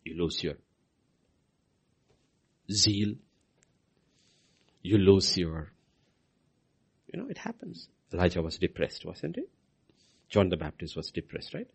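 A man delivers a sermon in a gravelly, husky voice, his pitch leaping and falling with feeling. He swings from loud proclamations down to hushed, near-whispered lines, repeating key phrases for emphasis. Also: sing-song, slow pace, long pauses. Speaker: preacher.

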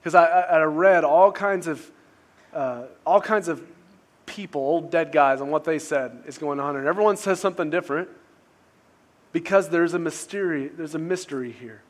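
A man's voice: a little high, normal speed. A male pastor preaching a sermon in a casual, conversational way, often restarting phrases and asking rhetorical questions.

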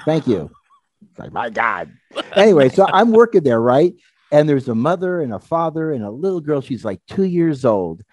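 A middle-aged man co-hosting a podcast in casual chat, telling a lively story. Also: on the high side, normal speed, no echo. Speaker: podcast co-host.

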